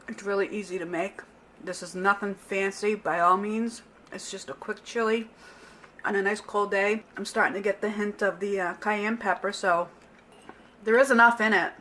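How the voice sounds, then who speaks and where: A woman's voice: mid-range voice, bright, forceful tone, a little hiss or hum. A middle-aged woman chats her way through a home cooking demo in an easygoing, unscripted voice. She often trips over a word and backs up to fix it. Pots and cutlery clink faintly behind her in the kitchen. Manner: chatty and unpolished, restarts and corrects herself. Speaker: home cook vlogger. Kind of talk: casual cooking demonstration. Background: clinking pots, pans and cutlery.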